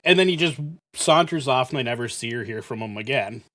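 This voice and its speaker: Male game host, casual rambling storyteller, salty language, mid-pitched. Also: lively intonation, a little fast, a bit bright. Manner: rambling, profane, heavy use of fillers. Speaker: gaming channel host. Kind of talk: casual storytelling while playing.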